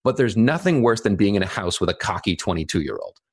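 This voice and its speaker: A man's voice: fairly low pitch, very animated, brisk, vocal fry, husky. A man in his thirties co-hosting a podcast, running through a list with dry jokes. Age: 30s. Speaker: podcast co-host. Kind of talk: casual podcast chat.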